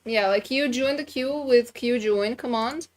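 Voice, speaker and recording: A woman's voice: on the high side, measured pace. A woman co-hosting a stream, casually and patiently explaining to viewers how the queue works. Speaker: stream co-host.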